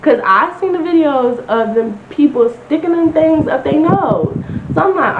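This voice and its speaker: A young woman chatting casually on a storytime vlog, telling her story with lots of "like" and quoting people in animated bursts. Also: sits high, moderate pace. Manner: chatty, lots of "like", animated retelling with quoted voices. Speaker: vlogger. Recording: roomy, slightly dull home recording with noise.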